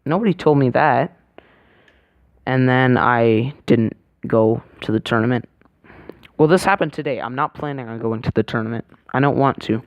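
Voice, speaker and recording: A man's voice: mid-range voice, steady tone, moderate pace, clean tone, dry recording, highs cut off. A man casually telling a vlog story, rambling and hesitant, full of fillers and self-corrections. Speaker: vlogger.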